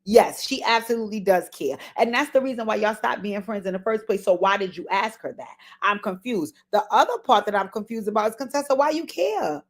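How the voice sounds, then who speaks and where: A woman's voice: mid-range voice, a little fast, few pauses. Woman doing a casual tv recap, blunt and cussing, repeats stuff to make her point. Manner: blunt, profane, talks straight to the people she recaps; animated, repeats words for emphasis. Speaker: reality TV recap host. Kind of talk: casual commentary vlog.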